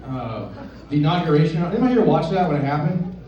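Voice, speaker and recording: A young man with a fairly high, widely swinging voice talks fast during a stand-up set in a comedy club, joking with the crowd and laughing at his own lines. He's on a handheld stage mic but sounds far from it, with lo-fi, roomy club audio and audience laughter.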